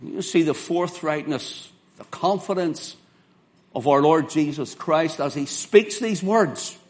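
A man delivers a sermon, earnest and emphatic, leaning hard on key words. His voice sits a little high for a man. He quotes scripture in old King James wording. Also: darkish tone. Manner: earnest, emphatic preaching with slow spelled-out words and dramatic quoted lines. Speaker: preacher.

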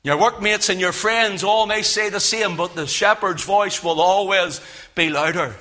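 A man preaching a sermon in a church, with a loud, carrying voice that swings from emphatic peaks to low, hushed lines. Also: measured pace. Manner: impassioned, rising to loud emphatic peaks then dropping low. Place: church with speakers.

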